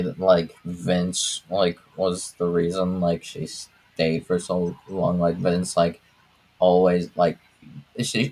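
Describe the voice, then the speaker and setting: A man's voice: sits low, a little mellow, rough recording. A man co-hosting a wrestling watch-along podcast, talking casually and hesitantly with many fillers and restarts. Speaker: podcast co-host.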